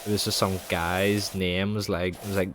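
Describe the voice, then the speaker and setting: A man's voice: low-pitched, little pitch movement, normal speed, noisy background. A young man, rambling and swearing through casual stories while streaming a game. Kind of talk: casual chat while gaming.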